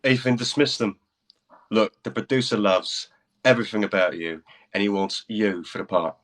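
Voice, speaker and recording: A man's voice: fairly low pitch, steady tone, normal speed, a bit bright, natural voice. A man voicing a cocky young male rock star with a Manchester accent that slides into Cockney, in a duet audiobook reading. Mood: cool. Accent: Manchester slipping into Cockney.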